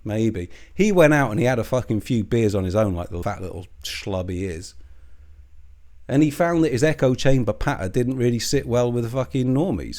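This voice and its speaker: Male host, profane ranting commentary, scornful, middle-pitched. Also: animated, moderate pace, darkish tone. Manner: profane and scornful, lots of swearing.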